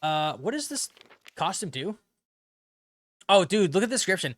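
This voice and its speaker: A man's voice: high voice, very animated, moderate pace, pauses often, fairly bright tone, no room sound, clean studio sound. A man from the US streaming a video game, chatting casually with his viewers and reading game dialogue aloud. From United States. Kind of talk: casual gameplay commentary. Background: game music.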